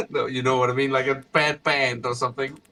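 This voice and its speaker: A man's voice: medium pitch, brisk. A man playing a tabletop game who chats casually, jokes, and stammers as he describes his character. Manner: animated, stammering, joking. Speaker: player.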